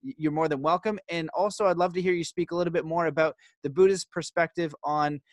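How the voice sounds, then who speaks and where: A man's voice: a little high, steady tone, fast talker, no echo. A man hosting a podcast, talking in an earnest, explanatory way with hesitant restarts. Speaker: podcast host. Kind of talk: casual interview conversation.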